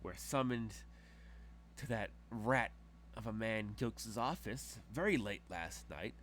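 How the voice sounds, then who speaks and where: A man's voice: on the low side, animated, takes it slowly, a bit bright, a little hiss or hum. A man voicing a haughty, wealthy woman who talks down to everyone in a condescending drawl. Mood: scornful.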